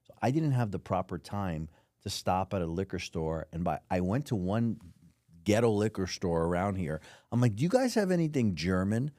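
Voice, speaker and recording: A man's voice: deep voice, normal speed, no echo, studio quality. A man hosting a casual podcast interview, telling stories with acted-out voices. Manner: animated storytelling, acts out voices. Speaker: podcast host.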